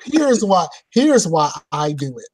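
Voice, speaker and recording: A man's voice: high-pitched, big pitch swings, slow, darkish tone, breathy edge. A man in casual podcast chat, telling stories emphatically and repeating for effect. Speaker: podcast guest.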